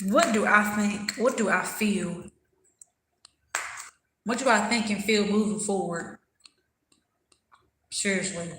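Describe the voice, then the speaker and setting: A woman's voice: mid-range voice, slow pace, long pauses, reverberant, background noise. A woman hosting a casual livestream, talking candidly and thoughtfully while she eats and answers viewers' comments. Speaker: livestream host.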